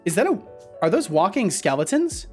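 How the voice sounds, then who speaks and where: A man talking casually to his livestream audience, rambling with many restarts. He breaks into loud, excited outbursts, and faint background music runs under his voice. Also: sits high, normal speed. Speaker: streamer and game developer.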